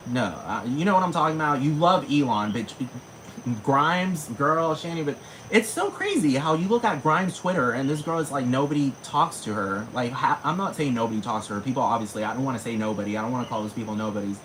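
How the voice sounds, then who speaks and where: Guy ranting to camera, swearing a lot, slangy and animated, regular pitch, lil bit of cricket noise in the back. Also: brisk, poor audio. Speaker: vlogger. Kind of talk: casual rant to camera.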